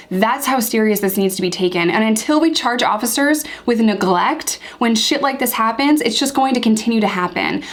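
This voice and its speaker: A young woman from the United States hosting her own vlog, speaking earnestly and with open outrage, repeating points for emphasis. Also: on the high side. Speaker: YouTube channel host. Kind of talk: impassioned commentary vlog.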